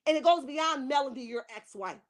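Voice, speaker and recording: A woman in her forties with a high voice hosts her own commentary, from Camden, New Jersey. She scolds in a heated rant and fires off rhetorical questions. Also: expressive, a little fast. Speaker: online commentary host.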